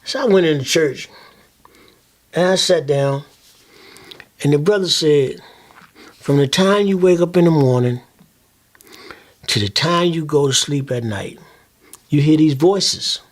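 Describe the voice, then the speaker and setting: A man in his seventies telling his son stories from his life in a loose, animated way, often saying "man" and "you know". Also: fairly high pitch, a little slow, pauses often. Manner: acts out other people's voices in his stories. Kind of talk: casual storytelling conversation.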